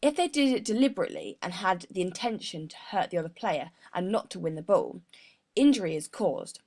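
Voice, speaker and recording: A woman's voice: fairly low pitch, animated, a little fast, a little mellow. A young woman as a sports psychologist guest, giving an earnest prepared explanation with frequent mid-word restarts. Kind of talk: prepared explanation in a mock interview.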